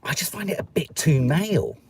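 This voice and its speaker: On a live stream, a middle-aged Englishman with a Stoke-on-Trent accent chats through viewer comments, his voice on the high side, expressive and a little fast, with slight background noise. Rambling and jokey, he does voices for anyone he quotes.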